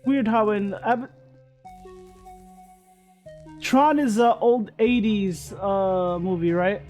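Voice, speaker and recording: Casual, blunt male streamer, high voice. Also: takes it slowly, darkish tone, faint music behind. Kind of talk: live game commentary.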